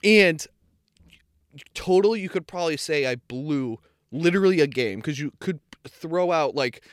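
A man's voice: a little high, animated, unhurried, no echo, clean studio sound. Young man rambling through a story, swearing. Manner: rambling storyteller, swears freely, self-correcting. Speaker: podcast co-host. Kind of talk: casual chat.

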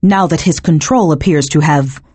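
A woman's voice: deep voice, darkish tone, husky, dry recording, pitched below the performer's own voice. A woman voicing a cold, clipped male cult leader. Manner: coldly measured, slightly clipped.

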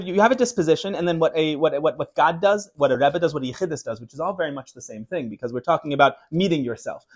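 A man teaching an informal class on Chassidus, telling stories in a quick, animated way many restarts. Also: on the high side.

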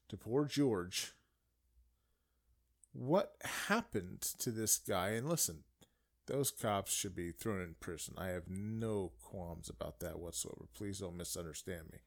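A man delivering an indignant political rant, swinging between raised outbursts and low muttering asides. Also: animated, a little slow. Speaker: political commentator. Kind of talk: ranting monologue.

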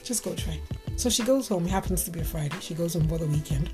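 A woman's voice: lowish voice, fast talker. A woman from Africa, telling a story and giving relationship advice, acting out the dialogue with animation. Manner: animated, acts out quoted dialogue. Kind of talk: storytelling talk. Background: music playing.

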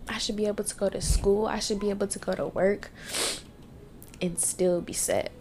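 Tearful young woman venting, gravelly fry. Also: medium pitch, steady tone, moderate pace, a little mellow, a little hiss or hum. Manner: blunt and venting, swears freely. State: tearful, sniffling. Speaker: podcast host. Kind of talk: casual personal monologue.

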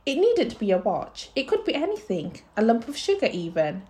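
A woman's voice: a little high, huge pitch swings, normal speed, a little mellow. A woman reading as a stubborn little girl borrower. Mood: earnest. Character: small earnest girl borrower, proud and stubborn.

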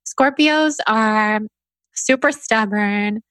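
A gushing woman podcast host, her voice set a little higher than most. She chats casually with her guest, heaping on praise. The sound is dry and close, with no room ring. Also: very slow, fairly bright tone, smooth, dry recording. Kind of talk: casual interview chat.

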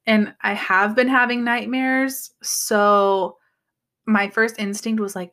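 A woman's voice: mid-range voice, takes it slowly. A young woman in casual chat, telling a story with lots of acted-out quotes. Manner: animated storyteller acting out quotes.

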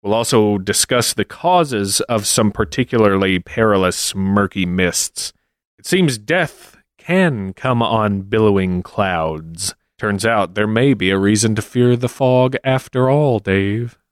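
A man with a fairly low voice co-hosts a podcast, trading deadpan quips in casual chat. His delivery stays dry and understated. The mic is close and dry. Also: takes it slowly, clean tone, no room sound. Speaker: podcast co-host. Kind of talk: casual chat with scripted intro.

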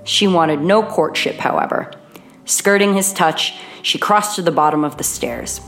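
Woman audiobook narrator, low voice, measured reading, faint music underneath. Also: a bit bright.

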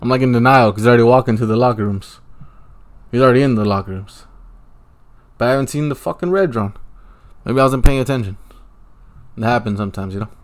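A podcast host calls a football game live as he watches it, speaking into a handheld mic at a medium pitch and a fast clip. He curses constantly and swings between relaxed chatter and excitable bursts, with long pauses in between.

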